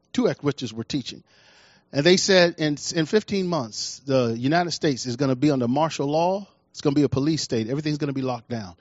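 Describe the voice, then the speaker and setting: A man's voice: on the high side, dry recording. A middle-aged man preaching a sermon in a folksy, colloquial way, acting out the voices of the people in his stories. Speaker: pastor. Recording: dull lo-fi dry recording.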